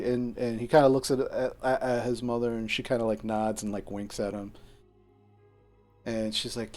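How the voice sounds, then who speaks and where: A man's voice: mid-range voice, flat delivery, normal speed, a little mellow, soft background music. Hesitant male game master, lots of fillers. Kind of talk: narrating a tabletop game.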